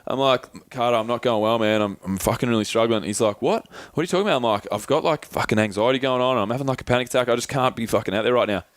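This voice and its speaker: Talking rapid-fire with hardly any pauses, a young man co-hosting a podcast swears freely through a personal story and acts out his friends' voices. His medium-pitched voice holds a steady tone, in clean studio sound with no room sound.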